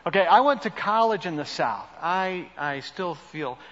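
A male pastor preaching a conversational, self-deprecating sermon in an animated way. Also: high voice, a little slow, long reverb tail, highs cut off.

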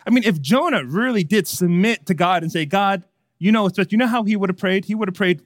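A man preaching a sermon, swinging between hushed and emphatic delivery. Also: high voice, a little fast, no echo, clean studio sound. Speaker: pastor.

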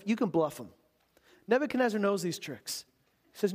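A preacher with a high-pitched voice works through a scripture passage, reading verses and then unpacking them in loose, conversational asides. His delivery is animated and storytelling-driven, like he's talking straight to the room. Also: brisk.

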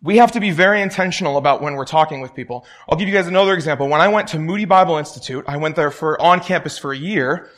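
A man's voice: a little high, quick pace, hardly any pauses, a bit bright. A young man preaching a sermon in a conversational way, telling stories and acting out the voices of the people in them. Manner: conversational, tells stories and acts out quoted voices.

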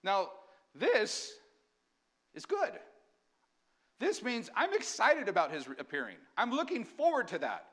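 A man preaching a sermon as pastor, energetic and often asking the congregation questions. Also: high voice, unhurried, pauses often.

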